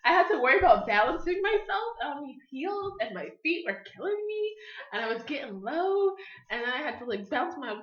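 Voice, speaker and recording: A young woman co-hosting a podcast, telling stories in a casual, animated way and laughing often. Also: high-pitched, fairly quick. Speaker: podcast co-host. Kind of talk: casual chat. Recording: echoey room, slightly dull sound.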